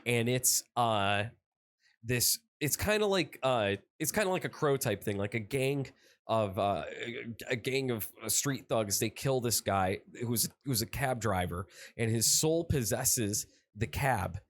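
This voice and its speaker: A man's voice: medium pitch, lively intonation, measured pace. A man co-hosting a podcast in casual chat, rambling and full of fillers and restarts. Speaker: podcast co-host.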